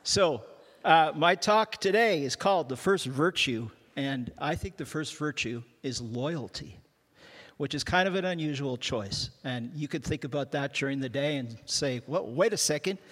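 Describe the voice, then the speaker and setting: This older Canadian guest pastor has a slightly high, fairly bright voice and keeps a measured pace. His sermon is humorous and self-deprecating, full of jokes and restarted sentences, and the big church hall gives it a long, echoing reverb.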